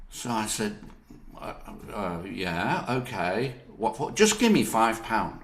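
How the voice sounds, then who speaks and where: A lowish, measured voice belongs to an older actor with a Northern English accent, telling anecdotes in an interview. Lively and laughing often, he imitates others' voices when quoting them, and the recording carries a roomy echo.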